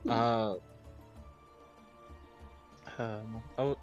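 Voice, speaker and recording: Hesitant male player, mid-pitched, very slow and halting, faint music underneath. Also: steady tone, muffled recording. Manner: hesitant, full of uhs. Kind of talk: casual chat at a game table.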